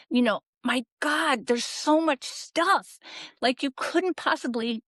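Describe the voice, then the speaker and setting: A woman's voice: fairly high pitch, animated, measured pace, no echo. A middle-aged woman as a podcast guest, candidly telling her story in an earnest, reflective way and acting out the voices she quotes.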